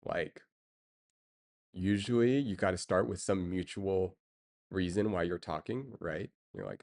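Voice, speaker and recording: A man's voice: deep voice, expressive, measured pace, gravelly, darkish tone. A man streaming and chatting casually with his viewers, rambling with lots of fillers and chuckles. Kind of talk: casual chat.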